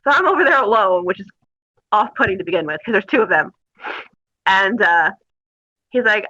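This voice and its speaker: A woman guest telling animated stories with frequent laughter. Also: mid-range voice, moderate pace, pauses often. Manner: animated, laughing, mimics people in her stories. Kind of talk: casual storytelling. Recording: dull lo-fi audio.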